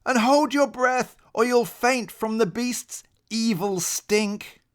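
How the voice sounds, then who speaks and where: A man voicing a frantic, protective father rabbit in a storybook read-aloud, with shrill, panicky warnings. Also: animated, takes it slowly, a bit bright, full character voice. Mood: panicked.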